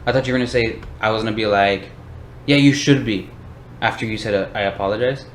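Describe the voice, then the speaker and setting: Low-voiced man in an echoey room. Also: rapid-fire. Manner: relaxed, rambling, says "bro" and "like". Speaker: podcast host. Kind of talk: casual Christian discussion. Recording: echoey room with faint hiss.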